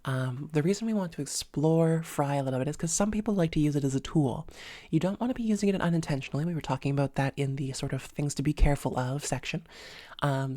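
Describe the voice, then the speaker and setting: A woman voice coach giving an instructional lesson in a calm, measured way, with frequent "sort of" and "um" fillers as she explains exercises. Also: low voice, no room sound, clean studio sound. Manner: demonstrates sounds with their own voice.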